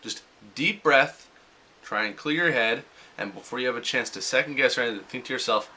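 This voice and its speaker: Young man, bright forceful tone, chatty self-help vlogger who acts out quoted thoughts. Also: medium pitch, a little fast. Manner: casual, acts out quoted inner voices. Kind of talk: motivational vlog talk.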